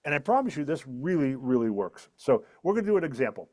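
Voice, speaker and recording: In a podcast interview, a middle-aged male author and speaker earnestly explains a method, repeating his key points for emphasis in an emphatic teaching tone. His medium-pitched voice swings widely in pitch, moves at a quick pace, and sounds a little mellow.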